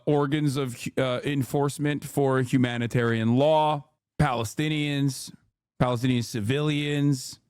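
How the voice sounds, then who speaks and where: A man streaming, reacting to clips with sarcastic, profane, rapid-fire commentary. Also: a little high, dry recording, studio quality. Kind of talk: casual commentary.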